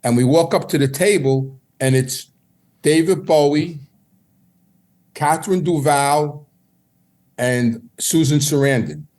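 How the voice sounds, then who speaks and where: A middle-aged man, a podcast guest, casually tells stories from his past. His voice is fairly high and darkish in tone, and he speaks slowly with long pauses, meandering, repeating words and often restarting his sentences.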